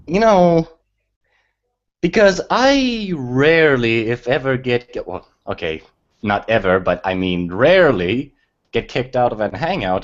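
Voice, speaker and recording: Man, chatty hangout participant, lively pitch, rambling storyteller, muffled lo-fi call audio. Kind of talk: casual group video chat.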